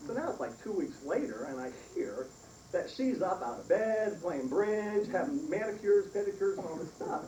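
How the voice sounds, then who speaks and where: This middle-aged man's voice sits high and moves at a normal speed as he eulogizes his mother with a humorous family tale, laughing often while he tells it. It's funeral storytelling, lively and comic, in a service hall. The sound is distant, echoey and noisy.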